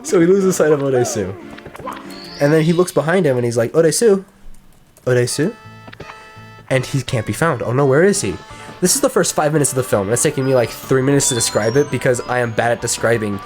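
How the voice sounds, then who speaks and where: At a quick pace in a mid-range voice, with faint music behind, a let's-play co-host rambles casually. Swearing as he goes, he recounts a movie's plot and acts out its lines in quoted voices.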